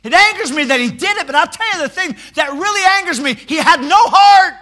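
A man voicing an indignant king who rants loudly about a wrongdoer, in a sermon retelling. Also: very high voice, lively intonation, a little fast, voice pushed up, heavily acted. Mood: outraged. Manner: ranting, loud and shouting.

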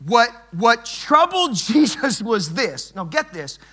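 High-voiced preacher giving an emphatic sermon. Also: male voice, sing-song, slow pace, bright, forceful tone, breathy edge. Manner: emphatic, repetitive, swells and drops in volume.

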